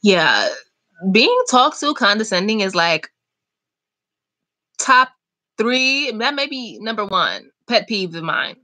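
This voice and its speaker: A young woman chatting casually on a live stream, reading and answering viewer comments in an animated, talkative way. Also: medium pitch, slow, pauses often. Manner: chatty, animated, talks back to chat comments. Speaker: vlogger hosting a live chat.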